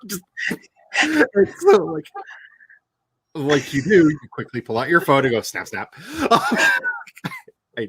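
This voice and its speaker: A man's voice: on the low side, no room sound. A man hosting a casual writing livestream, telling stories with lots of laughter and turning tender as he reminisces. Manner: animated storytelling, laughs often; turns tender and emotional when reminiscing. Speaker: author and stream host.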